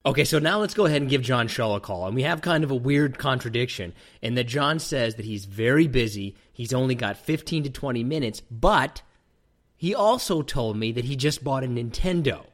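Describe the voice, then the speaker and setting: A male host leading a casual talk segment in a steady, mid-pitched voice. He teases his co-host with dry, deadpan humor. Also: fairly quick. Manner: dry, teasing. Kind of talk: casual banter.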